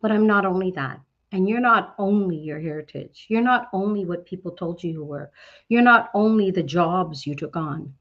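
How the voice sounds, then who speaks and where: This Canadian woman speaks to a business network with an upbeat, animated motivational talk, often answering her own questions. She sits on the low side at a moderate pace, with the high frequencies cut off.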